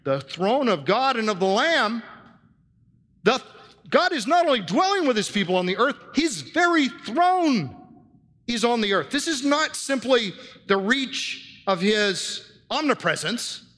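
A man's voice: very high-pitched, big pitch swings, unhurried, a bit bright, long reverb tail. A man preaching a sermon in a church, teaching earnestly and posing rhetorical questions to his congregation. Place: church with handouts for listeners.

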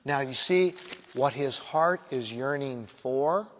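A man preaching a sermon, quoting scripture and slowing down sharply to stress key phrases. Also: mid-range voice. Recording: long hall reverb.

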